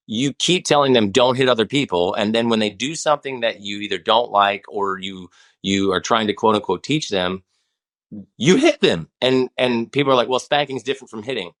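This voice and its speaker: A man's voice: lowish voice, fairly quick, a bit bright. A man in his forties, a guest on a podcast, talking in a rambling, passionate way with many restarts. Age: 40s. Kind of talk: casual conversation.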